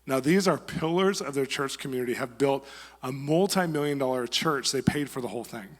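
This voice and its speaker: A man giving a conversational sermon, telling stories and acting out quotes in a lively way. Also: mid-range voice, a little fast. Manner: conversational, animated storytelling with acted quotes. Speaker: guest preacher. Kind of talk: sermon with storytelling. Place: church sanctuary. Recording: long reverb of a church hall.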